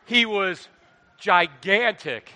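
A middle-aged man preaching a sermon into a microphone, animated, swinging between quiet asides and loud exhortation. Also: high-pitched, drawn-out words, a little hiss or hum. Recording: long hall reverb.

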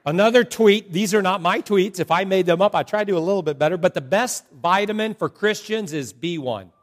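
Animated high-voiced male pastor. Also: fairly quick. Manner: joking, animated storytelling to a congregation. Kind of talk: sermon.

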